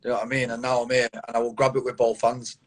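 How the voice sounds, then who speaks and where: A man's voice: mid-range voice, little pitch movement, fast talker, slight background noise. A Mancunian man in his thirties, a fighter talking bluntly and confidently in a casual interview, swearing often and calling the host mate, over a phone or video call. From Manchester, England. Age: 30s.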